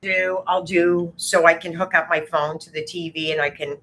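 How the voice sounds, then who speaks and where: A woman talking to her camera in a halting, hesitant way, full of filler words. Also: lowish voice, level tone, fairly bright tone, slight background noise. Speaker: video creator. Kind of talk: vlog monologue.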